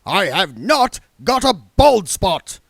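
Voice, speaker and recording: A man reading aloud and voicing a loud, impatient wizard chief who blusters and barks his lines. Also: a little high, sing-song, moderate pace, dry recording, pitched above the performer's own voice. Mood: indignant. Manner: bellowing, indignant.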